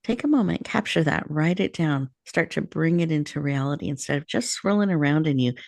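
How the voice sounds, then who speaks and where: A woman host with a low, gravelly voice leads a calm guided breathing meditation. She speaks slowly and invitingly, in a soothing tone. The sound is dry and close. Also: no echo. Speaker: radio show host.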